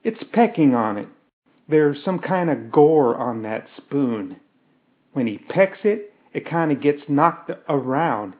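Guy putting on a curious young adventurer woman, excited and quick, phone-ish audio. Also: on the high side, phone-quality sound.

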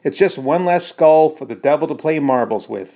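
Man reading as a calm blunt woman soldier, dry and matter of fact, soft low voice, tinny phone sound. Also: normal speed.

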